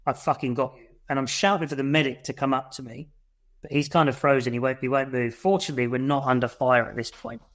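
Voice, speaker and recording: Here a UK military veteran talks quickly at a medium pitch with a steady tone. As a podcast guest he relays a war story in blunt, profane terms, replaying the shouts he made.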